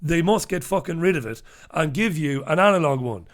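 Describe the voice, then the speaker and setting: Blunt, swearing middle-aged newspaper host. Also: male voice, a little high, expressive, fairly quick. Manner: blunt, swears freely, chatty asides. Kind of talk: casual opinionated commentary.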